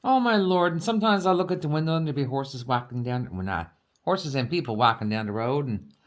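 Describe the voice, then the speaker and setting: A woman's voice: rumbling low, expressive, fairly quick. Chatty woman with a Newfoundland accent. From Newfoundland, Canada. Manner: chatty, laughs often, talks to viewers. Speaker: crafting vlogger. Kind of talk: casual chat while crafting.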